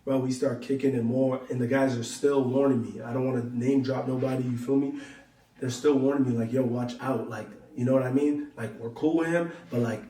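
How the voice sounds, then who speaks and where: A man's voice: mid-range voice, fairly even intonation, fairly quick, mellow, reverberant, recorded from a distance. A young man telling a long story to his viewers in loose slang, acting out both sides of each conversation. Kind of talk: casual storytelling to camera.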